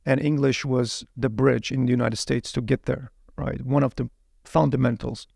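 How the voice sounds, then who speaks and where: Gravelly-voiced man telling his story animatedly. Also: mid-range voice, normal speed, no echo, studio quality. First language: Uyghur. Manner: animated, repeats words while searching for them. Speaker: interview guest. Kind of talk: casual storytelling interview.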